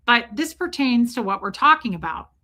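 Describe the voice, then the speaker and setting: Woman, forties, livestream host, bright, candid, animated, casual swearing. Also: on the high side, moderate pace. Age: 40s. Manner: frank and animated, swears, frequent "right?" and "like". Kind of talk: candid personal storytelling on a livestream.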